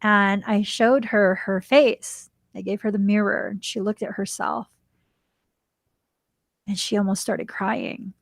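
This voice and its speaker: A woman with a medium-pitched, creaky voice speaks slowly in clean studio sound with no room sound. Hosting a spiritual podcast, she tells a heartfelt personal story with emotion, animatedly acting out the quoted dialogue.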